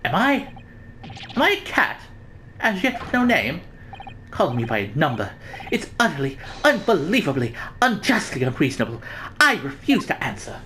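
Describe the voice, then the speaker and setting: A woman's voice: low voice, sing-song, moderate pace, a bit bright, slight background noise, pitched below the performer's own voice, poor audio. A woman voicing a dramatic, paranoid young Japanese male student who talks in grandiose alliterative flourishes while reading a game aloud. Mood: indignant. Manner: grandiose, alliterative, theatrical outbursts.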